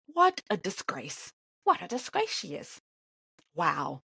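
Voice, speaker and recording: A woman's voice: lowish voice, takes it slowly, creaky, husky, dry recording, clean studio sound. A woman giving reaction commentary on an interview, indignant and sarcastic, talking back at the screen. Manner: animated, swings between loud outbursts and mutters.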